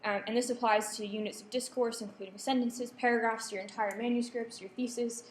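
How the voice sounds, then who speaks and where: Fairly quick and fairly even in intonation, a young woman with a voice on the high side gives students a writing workshop. She corrects herself and says um frequently; the echoey lecture-room recording carries a little hiss or hum.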